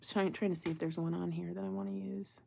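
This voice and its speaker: Female livestream crafter, lower pitch, casual rambling chat, faint background noise. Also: little pitch movement, fast talker, creaky, a little mellow. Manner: chatty, rambling, exasperated asides to viewers. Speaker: jewelry-making livestream host.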